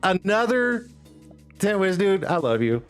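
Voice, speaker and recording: This live-stream host rambles and pumps up his chat in a loose way, dropping frequent "uh"s and laughs while faint music plays behind him. He speaks unhurriedly, in a high and very animated voice.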